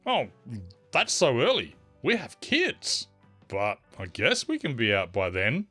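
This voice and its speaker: A man's voice: medium pitch, huge pitch swings, a little slow, pushed and bright, breathy edge, soft background music, heavily acted. A man voicing a whiny, evasive, entitled middle-aged woman at a campsite.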